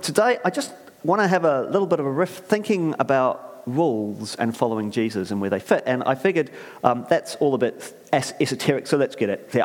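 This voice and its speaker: A man preaching a conversational sermon in a church, rambling and chatty, often asking the congregation questions. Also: medium pitch. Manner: rambling, chatty, many fillers and restarts, asks the audience questions. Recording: reverberant church hall.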